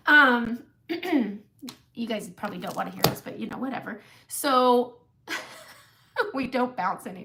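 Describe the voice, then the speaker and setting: A woman's voice: fairly high pitch, lively intonation, measured pace, creaky, pauses often, sharp tone, a little hiss or hum. A woman in her forties telling a long funny story on a makeup live stream, often laughing at herself. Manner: chatty, laughing, self-mocking storyteller. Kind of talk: casual storytelling chat.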